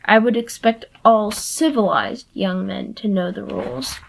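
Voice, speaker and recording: A woman's voice: medium pitch, unhurried, creaky, a little hiss or hum, low-quality recording. A woman voicing a scornful pudgy camp director. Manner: drawling, scoffing and mocking. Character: sarcastic, impatient pudgy male camp director, scornful of mortals.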